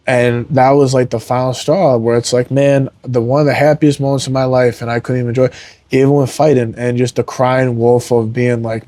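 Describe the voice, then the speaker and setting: A man's voice: medium pitch, flat delivery, a little fast, dark tone, dry recording. A young adult man, a fighter on a podcast, talking candidly and earnestly, rambling with lots of "like" and "man". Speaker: podcast guest, MMA fighter. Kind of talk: candid emotional interview talk.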